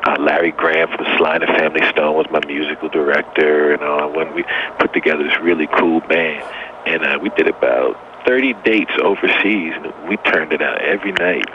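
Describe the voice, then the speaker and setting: A man's voice: a bass voice, a little fast. A man in his fifties, an interview guest chatting in an easygoing, laid-back way. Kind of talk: casual interview chat. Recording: muffled lo-fi line with noise.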